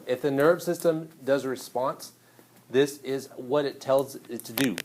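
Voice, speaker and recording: A male teacher giving a lively, hands-on classroom lecture and speaking directly to his students. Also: mid-range voice, a little slow, echoey room, a little hiss or hum.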